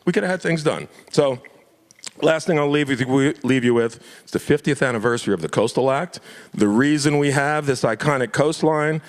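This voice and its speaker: A man's voice: mid-range voice, moderate pace, in a large hall. A man from Florida, an elected official, making impassioned public remarks at a club meeting, emphatic and prone to repeating himself.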